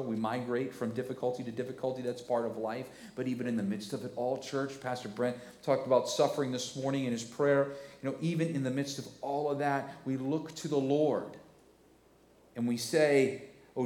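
A man in his forties preaching a sermon, swelling into loud, emphatic passages. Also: mid-range voice, echoey room. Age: 40s. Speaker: pastor. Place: church sanctuary.

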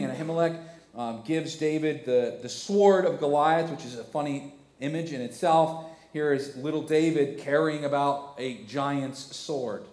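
A male pastor with a hoarse, cracking voice preaching a sermon, animated and conversational, with many rhetorical questions. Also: fairly high pitch, measured pace. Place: church. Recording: echoey church hall.

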